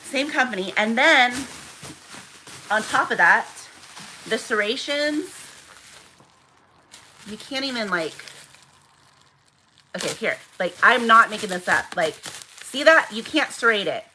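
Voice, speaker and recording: A young woman chats through a live stream as she packs orders, her voice bright and sitting a little high. She talks easily and constantly, half to the viewers and half to herself. Faint noise sits under her voice. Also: animated, a little slow, pauses often, poor audio. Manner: chatty, talks to viewers while working. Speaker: small shop owner packing orders. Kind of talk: casual live-stream chat.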